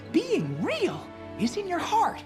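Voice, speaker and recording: Little cricket guy, super high, coaxing, pitch flying all over. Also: huge pitch swings, slow pace, over music, full character voice. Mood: advising. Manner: eager, coaxing. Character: small chirpy male cricket conscience.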